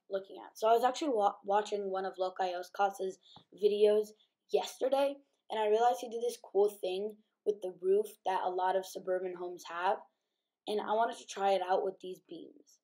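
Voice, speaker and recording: A woman's voice: medium pitch, mellow. Sleepy, chatty woman gamer. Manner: chatty, many ums and likes. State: sleepy, just woke up. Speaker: gaming YouTuber. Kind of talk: casual game commentary.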